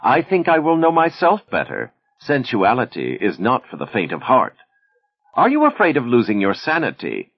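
A man's voice: mid-range voice, huge pitch swings, moderate pace, breathy edge, pitched above the performer's own voice, heavily acted. A man doing a wry, defiant Soviet woman poet. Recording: dull lo-fi recording.

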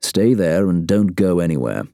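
A man's voice: low-pitched, gravelly, no echo, studio quality. A man playing a terse, cold spy chief. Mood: mild. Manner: terse, measured, flat.

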